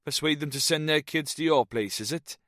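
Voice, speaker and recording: A man voicing a jovial fifty-something Welsh man who talks in a slow, lilting way. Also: a little high, fairly bright tone, dry recording, clean studio sound, voice pushed up, close to an everyday voice. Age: 50s. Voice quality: lilting, slow after drinks. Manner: hearty, chatty.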